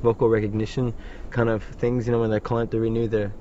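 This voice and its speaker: A man, a musician guest in a radio interview, telling relaxed, joking stories. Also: on the low side, fast, a little hiss or hum. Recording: slightly muffled radio recording.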